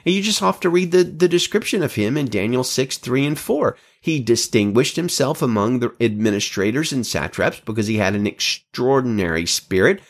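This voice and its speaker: Lively, emphatic male Bible teacher. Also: mid-range voice, normal speed, few pauses. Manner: emphatic, enthusiastic, wry asides.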